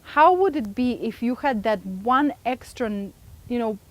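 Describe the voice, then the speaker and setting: A woman's voice: a little high, animated, measured pace. A woman presenting a communication workshop, engaging the audience with frequent questions. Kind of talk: live seminar talk to an audience.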